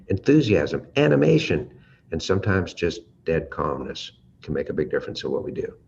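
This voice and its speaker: American male trainer, deep voice, demonstrates volume and pace shifts, slightly dull recording. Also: darkish tone. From United States. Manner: varies volume and pace to demonstrate, drawn-out pauses. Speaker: leadership trainer. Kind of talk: teaching talk with vocal demonstrations. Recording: slightly dull audio with faint ambient noise.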